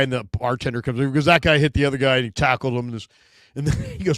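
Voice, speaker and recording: A man hosting a sports talk show in casual chat, telling stories with lively acted-out quotes. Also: medium pitch, fast talker, no room sound, clean studio sound. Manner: animated storyteller, acts out quotes.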